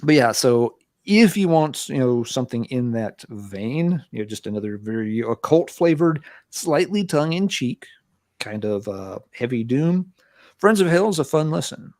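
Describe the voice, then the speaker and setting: A mid-pitched man's voice, dry and close to the mic, talks casually as a podcast guest. His speech is loose and hesitant, padded with constant "you know"s and "um"s. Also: big pitch swings, moderate pace, a little mellow, no room sound. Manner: filler-heavy with lots of "you know"s. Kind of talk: casual chat.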